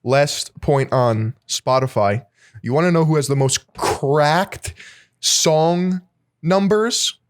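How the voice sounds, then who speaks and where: A man's voice: fairly high pitch, takes it slowly. A man co-hosting a podcast in a casual chat, laid-back and rambling, with lots of fillers and swearing. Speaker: podcast co-host.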